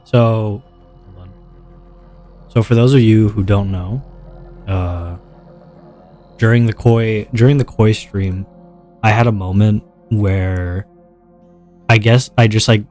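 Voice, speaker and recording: A male streamer talks loosely to his viewers in a lowered, laid-back voice that sits on the deep side. He rambles and restarts his sentences often, with soft music playing faintly behind him. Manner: deliberately relaxed low voice, rambling with repeated restarts. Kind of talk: casual livestream chat.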